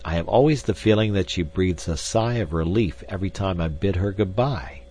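A man reading an audiobook, voicing an earnest, insistent male suitor who speaks deliberately. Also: low voice, dark tone, a little hiss or hum.

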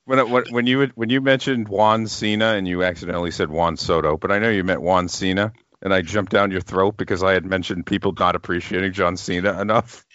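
A man's voice: sits low, steady tone, brisk, few pauses, fairly bright tone, dry recording, muffled recording. A man co-hosting a casual film commentary, joking and chuckling as he rambles. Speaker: podcast co-host.

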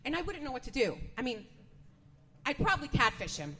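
A woman's voice: sits high, big pitch swings, fast, bright, forceful tone. Chatty, nervous woman doing stand-up. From Northeast US. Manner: chatty, nervous, self-deprecating. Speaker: stand-up comedian. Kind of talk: stand-up comedy set. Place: comedy venue with a live audience. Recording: echoey live room.

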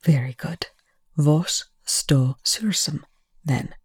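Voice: mid-range voice, normal speed, a little mellow, husky, no echo, clean studio sound. A reader doing a curt, icy scientist. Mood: cold. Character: older male scientist, cold, curt, arrogant.

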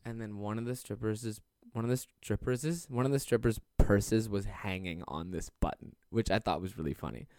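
A man's voice: lowish voice, brisk, darkish tone, dry recording, studio quality. A young man telling a comedic story on a podcast, rambling and swearing, laughing as he goes. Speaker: podcast host.

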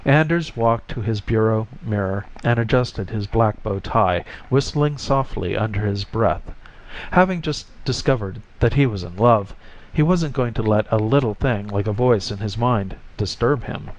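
A man reading a short story aloud as narrator, with measured, expressive storytelling. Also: on the low side, lo-fi sound. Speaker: audiobook narrator. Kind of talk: scripted narration.

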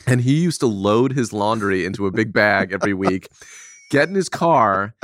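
Deep-voiced guy rambling on a podcast, dry close sound, lots of likes and restarts. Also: lively intonation, normal speed, fairly bright tone, no echo. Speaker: podcast co-host. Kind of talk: casual chat.

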